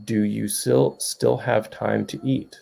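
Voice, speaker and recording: A man's voice: on the low side, steady tone, takes it slowly, vocal fry, mellow. A middle-aged man, an author hosting a livestream, chatting loosely and jokingly with viewers and reading their comments. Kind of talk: casual chat.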